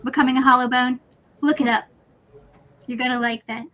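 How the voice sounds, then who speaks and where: A woman with a high voice chats in a teasing, giggly way, egging a friend on. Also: fairly even intonation, fairly quick, fairly bright tone. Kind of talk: casual chat.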